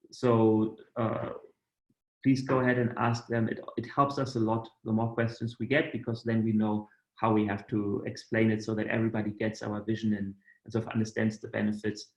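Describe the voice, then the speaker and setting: A man leading a project, speaking earnestly on a webinar with many fillers. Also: lowish voice. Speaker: project lead. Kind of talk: webinar presentation. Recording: dull, echoey call audio.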